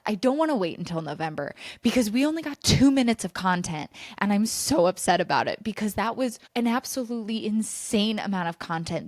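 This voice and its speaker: A young woman hosting a pop culture podcast, gushing with breathless, fast enthusiasm about the latest news. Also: mid-range voice, a little mellow, no room sound, studio quality. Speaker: podcast host.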